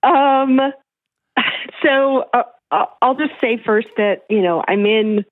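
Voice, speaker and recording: A woman's voice: on the high side, slow pace, no echo. A woman calling in to an advice show, speaking hesitantly with many fillers. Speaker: caller. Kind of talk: call-in question. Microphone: telephone. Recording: tinny phone line.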